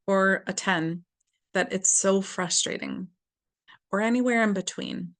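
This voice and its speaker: A woman leading a guided tapping exercise, speaking gently and slowly with repeated phrases for the listener to follow. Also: medium pitch.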